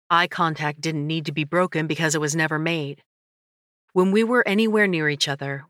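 A woman narrating a first-person audiobook in a measured, introspective way. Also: low voice, sharp tone, no echo, clean studio sound.

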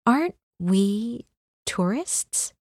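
A woman's voice: mid-range voice, expressive, drawn-out words, darkish tone, husky, no room sound, clean studio sound, pitched above the performer's own voice, full character voice. A woman doing a wry, bookish young newcomer.

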